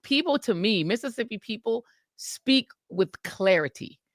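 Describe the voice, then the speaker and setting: A woman co-hosting a podcast, chatting casually and telling stories in an animated, emphatic way. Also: on the high side, unhurried, no echo, studio quality. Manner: animated, emphatic storytelling with laughs. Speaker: podcast co-host. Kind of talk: casual chat.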